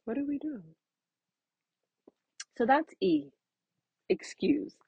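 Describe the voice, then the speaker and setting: A woman's voice: sits high, lively intonation, takes it slowly, vocal fry, darkish tone, dull audio. A woman in her thirties giving frank, conversational parenting advice, calling the listener honey. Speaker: parenting talk host. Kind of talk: casual advice talk.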